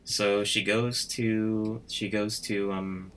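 A low-pitched man with a bright, forward tone chats loosely through a story he made up. His talk rambles and fills with "like" as he slips into the characters' lines. Faint noise sits under the recording. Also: flat delivery, slow pace. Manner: rambling, full of "like" and quoted voices. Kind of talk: casual chat, retelling a story.

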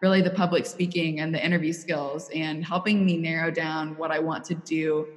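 A woman's voice: deep voice, flat delivery, normal speed, big-room sound. A woman in her twenties from Missouri, with a Missouri accent, answering interview questions in a poised, articulate and earnest way. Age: 20s. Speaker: interview guest, college student.

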